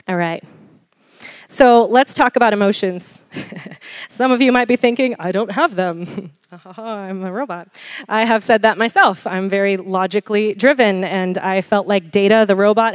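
A woman giving a casual, animated sermon as a preacher, acting out quoted lines and often asking the congregation "Amen?". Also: medium pitch, normal speed, clean tone, dry recording. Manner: frequent light laughter and call-and-response "Amen?". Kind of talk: conversational sermon.

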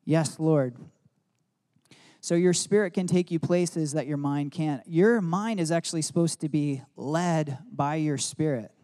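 A man's voice: on the high side, normal speed, few pauses, mellow. A man preaching a sermon to his congregation as their pastor, telling stories in a conversational way with frequent "like". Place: church service.

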